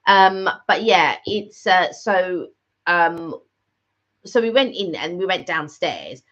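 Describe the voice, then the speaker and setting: A woman's voice: on the low side, lively intonation, takes it slowly, a bit bright. Chatty woman, lo-fi sound. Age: middle-aged. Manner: chatty, rambling with many fillers and restarts. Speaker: vlog co-host. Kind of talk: casual chat. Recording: slightly dull lo-fi audio.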